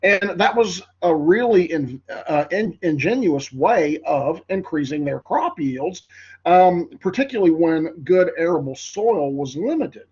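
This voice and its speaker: A man's voice: fairly high pitch, animated, unhurried, darkish tone, slightly rough, muffled recording. A man with a congested, nasal voice teaching a history class in a rambling lecture, full of fillers. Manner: rambling, filler-heavy, addresses class as folks. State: congested, voice cracking.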